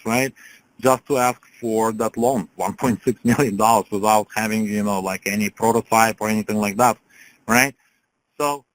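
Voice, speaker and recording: Rambling motivational coach, low-voiced man. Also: rough recording. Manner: rambling, with lots of fillers and "right?"; acts out the quoted people with shifts in pitch and loudness. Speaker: business coach on a group call. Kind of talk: motivational storytelling on a call.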